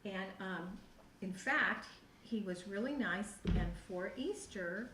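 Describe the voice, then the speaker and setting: A middle-aged woman telling her personal testimony to a youth group, animated and acting out her own past reactions. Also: medium pitch, slow pace. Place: church youth room. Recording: echoey room, voice from far off the mic, faint noise.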